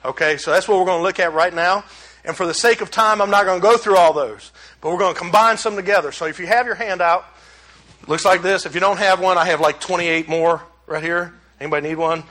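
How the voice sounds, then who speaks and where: A middle-aged man, pastor preaching a sermon in a church, animated and conversational with humor. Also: sits high, quick pace. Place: church sanctuary.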